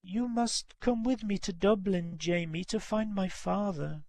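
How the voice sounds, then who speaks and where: A man's voice: high voice, measured pace, darkish tone, no echo, pitched above the performer's own voice. A man reading aloud as a tearful young woman who earnestly implores her parents to recognize her. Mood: pleading. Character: young woman, pleading lost daughter.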